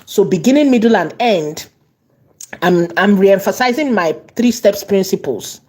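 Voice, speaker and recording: A woman teaching an online course, repeating and stressing key words and slowing down as she dictates. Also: mid-range voice, lively intonation, darkish tone, slightly rough. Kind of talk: tutorial lesson.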